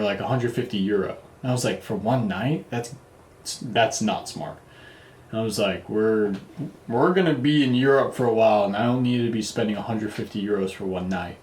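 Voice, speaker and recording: A man's voice: on the low side, a little hiss or hum. A man casually telling a travel story, loose and profane, with lots of fillers and restarts. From United States. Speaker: vlogger. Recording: roomy echo.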